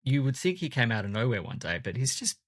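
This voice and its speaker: A man co-hosting a podcast in casual chat, relaxed and often repeating words as he starts a sentence. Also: mid-range voice, fast, no room sound. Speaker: podcast co-host.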